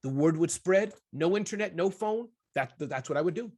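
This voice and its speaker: Husky, animated man guest. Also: high-pitched, moderate pace. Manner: animated, keeps addressing the host by name, acts out little scenes. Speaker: guest entrepreneur. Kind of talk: conversational summit interview.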